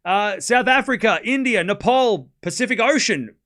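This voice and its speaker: Bright-voiced Australian man calling tennis. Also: sits high, lively intonation, normal speed. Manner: chatty, reads chat aloud, laughs often. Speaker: streamer and tennis commentator. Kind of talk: casual live watchalong commentary.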